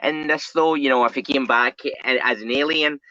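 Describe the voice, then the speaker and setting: A man's voice: mid-range voice, fairly even intonation, moderate pace, bright, forceful tone, no echo, highs cut off. Rambling man in casual fan chat. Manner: rambling, many fillers and repeats. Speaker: co-host.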